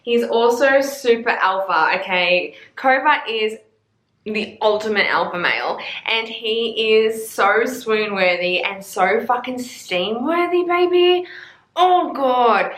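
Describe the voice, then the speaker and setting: Aussie girl in her 20s gushing n swearing about books, bright voice, echoey room. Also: a little high, animated, a little slow. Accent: Australian. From Australia. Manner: gushing and sweary, with playful swooning asides. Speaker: book vlogger. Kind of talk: casual chat.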